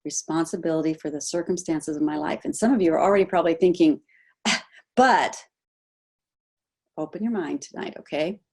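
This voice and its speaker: A woman coaching a group on a video call, animated, asking her listeners questions and acting out example voices. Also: low voice, fast talker, hardly any pauses. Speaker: health coach.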